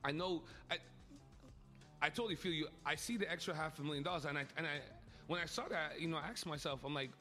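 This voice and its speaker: A man hosting a campus radio show in casual chat, laughing often and jumping into high squeals. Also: fast, bright, forceful tone, faint music behind.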